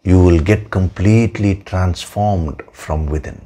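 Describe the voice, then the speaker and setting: A man giving a spiritual discourse as a teacher, in a measured, emphatic way, repeating words for stress. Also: low voice, warm tone. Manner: slow, measured, emphatic with repetitions.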